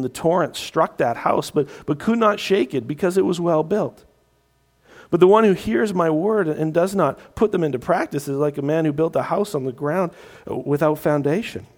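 A man preaching a sermon, often repeating his words and acting out crowd voices. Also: a little high. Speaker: pastor.

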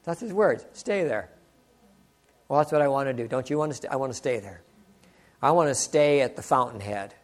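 A man's voice: medium pitch, fast. An older man preaching a sermon, earnest and exclaiming, often asking the listeners rhetorical questions.

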